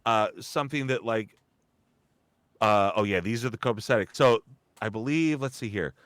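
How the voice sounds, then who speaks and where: A man's voice: fairly low pitch, normal speed, fairly bright tone, no echo, studio quality. A young man, a guest on a live talk show, telling a casual story with lots of restarts and quoted voices. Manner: rambling, full of restarts and acted-out quotes. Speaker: guest, voice actor and comedian.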